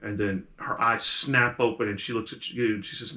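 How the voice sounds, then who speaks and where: A man's voice: mid-range voice, steady tone, fairly quick, hardly any pauses, sharp tone. A man narrating as the game master of a tabletop role-playing game, in a casual, rambling way with many fillers.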